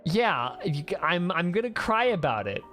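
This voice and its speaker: Rambly excited streamer w/ midwest mountain accent, voice jumps all over, keeps restarting sentences. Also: mid-range voice, normal speed, soft background music. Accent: Midwest mountain American. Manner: animated, rambling, many restarts. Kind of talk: casual gameplay commentary.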